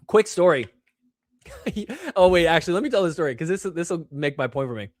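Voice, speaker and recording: Talking fairly quickly and expressively, a young show host rambles through a casual solo chat loaded with fillers, making fun of himself. When he quotes fans, he imitates them in a higher voice. The audio is clean studio sound with no room sound.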